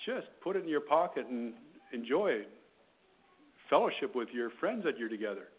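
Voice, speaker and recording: A man preaching a sermon with passion, swinging between loud, rising appeals and quiet, pointed questions. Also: mid-range voice, very animated, normal speed, a little hiss or hum. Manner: impassioned, rising loud then dropping quiet. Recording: tinny phone-line sound.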